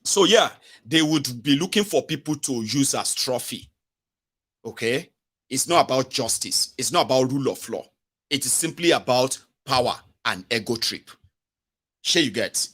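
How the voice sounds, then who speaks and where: A middle-aged man with a Nigerian accent hosting a live-stream political commentary show, animated and sarcastic. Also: mid-range voice, breathy edge. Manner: animated, sarcastic, drops into mock voices. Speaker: host.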